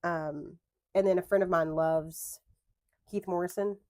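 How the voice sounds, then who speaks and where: A woman's voice: fairly low pitch, fairly even intonation, unhurried, mellow, no echo. A young adult woman chatting casually at a home craft desk, rambling into tangents and correcting herself as she goes. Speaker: planner vlogger. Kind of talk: casual chat while crafting.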